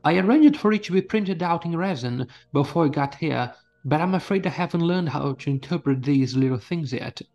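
A man's voice: a little high, lively intonation, moderate pace, darkish tone, dull audio. A man voicing a fussy, nervous British doctor who complains childishly and speaks with a trembling voice.

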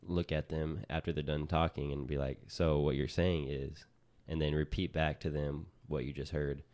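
Man, very deep voice, mellow, relaxed, casual podcast co-host, talks to listeners. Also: moderate pace. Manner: relaxed, addresses listeners as "you guys".

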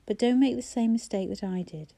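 Woman reading as a gruff, grieving old father. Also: fairly high pitch, fairly quick, dark tone. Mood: consoling. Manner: gruff, heavy with regret. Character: gruff older father, broken by grief.

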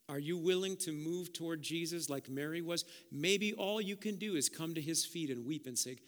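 A man preaching a sermon as pastor, impassioned and building to loud peaks, then turning soft and prayerful in an altar call. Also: a little high, normal speed. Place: church sanctuary with long reverb. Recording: reverberant church hall.

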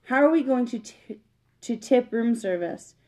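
A woman's voice: animated, a little slow, dark tone. A woman reading aloud, voicing a flustered, anxious mother mouse from a storybook. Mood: worried. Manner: fretful, high-strung.

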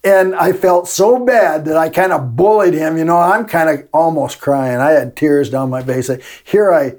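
A man's voice: a little high, moderate pace, a little mellow. An older man, a retired teacher telling folksy classroom stories with frequent laughs in a casual interview.

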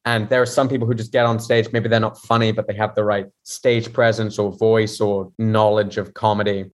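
On a casual podcast, a London-born comedian appearing as a guest speaks frankly, pokes fun at himself and laughs a lot. He has a lowish voice, a flat delivery and a normal speed.

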